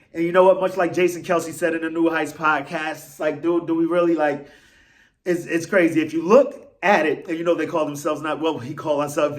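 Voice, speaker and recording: A man hosting a fan vlog, ranting in a rambling, slangy and self-mocking way. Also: fairly high pitch. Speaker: vlog host.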